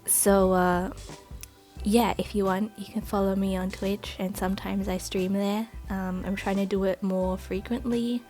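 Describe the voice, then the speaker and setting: A woman's voice: mid-range voice, little pitch movement, unhurried, darkish tone, soft background music. A woman vlogger giving a chatty, rambling voice-over for an unboxing video, full of "like" and "uh", on a not very good home microphone.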